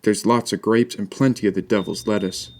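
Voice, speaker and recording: A man's voice: on the low side, fairly even intonation, a little fast, darkish tone, lightly acted. A man voicing a lost, tearful little boy in a storybook reading. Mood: chatty. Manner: sobbing, plaintive.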